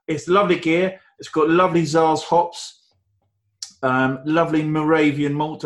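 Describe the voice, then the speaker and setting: A man co-hosting a casual beer-tasting chat, rambling and enthusiastic, with frequent restarts and fillers. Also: medium pitch. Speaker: podcast co-host.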